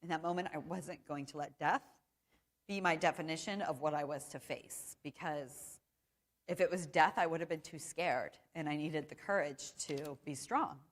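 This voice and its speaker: A woman in her thirties with a fairly low voice, speaking in an earnest, reflective way in a conversational interview. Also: moderate pace, big-room sound. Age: 30s. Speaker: interviewee, cancer survivor.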